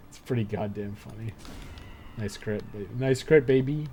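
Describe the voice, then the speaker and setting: A man's voice: lowish voice, normal speed, mellow, a little hiss or hum. A young man playing a dungeon game on a live stream, muttering and swearing through casual commentary. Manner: laid-back, swears a lot, muttering asides.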